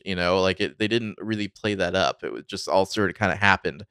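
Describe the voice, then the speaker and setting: A man's voice: low-pitched, brisk, hardly any pauses, clear, resonant tone, no echo, studio quality. A man co-hosting a podcast in casual chat, rambling and acting out characters as he talks. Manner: rambling, animated quoting of characters. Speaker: podcast co-host.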